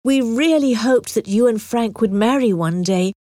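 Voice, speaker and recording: A woman reading aloud voices an anxious, kindly older woman friend who speaks gently and hesitantly. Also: a little high, moderate pace, dry recording, clean studio sound, close to an everyday voice.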